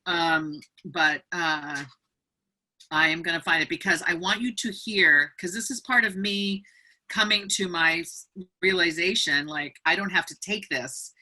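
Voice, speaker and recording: A woman's voice: fairly low pitch, measured pace. A woman author speaking as a guest over a video call, animatedly telling a story and reading from her book. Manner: animated, acts out other people's voices.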